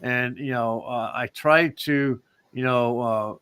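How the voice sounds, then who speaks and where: A man co-hosts a casual talk show, wandering through his points in a rambling, roundabout way. His voice has an ordinary, mid-range pitch. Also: takes it slowly, fairly bright tone, clean tone, dry recording. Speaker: co-host. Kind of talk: casual chat.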